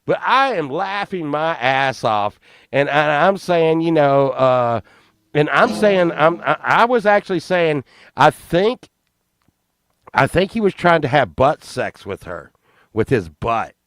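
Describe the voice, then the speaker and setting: A man in his fifties telling a rambling, profane childhood story, excitable and often laughing. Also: on the high side, slow pace, no room sound, studio quality. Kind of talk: casual anecdote telling.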